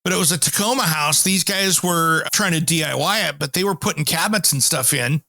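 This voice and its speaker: A man's voice: on the high side, fairly quick, gravelly, dry recording. A man hosting a home improvement show, telling stories in a casual chat and acting out the people he quotes. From Pacific Northwest, US. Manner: animated storyteller, acts out quotes.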